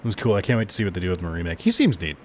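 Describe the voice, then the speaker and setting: A man streaming a game, joking, swearing and tossing off quick asides. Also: sits low, very animated, a little hiss or hum. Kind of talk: casual gameplay commentary.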